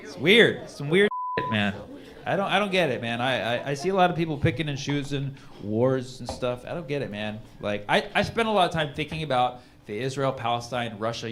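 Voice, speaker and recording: A man doing a rambling stand-up set on stage, animated and often laughing at his own jokes. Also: on the high side, slight background noise. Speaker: stand-up comedian. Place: comedy club stage with audience.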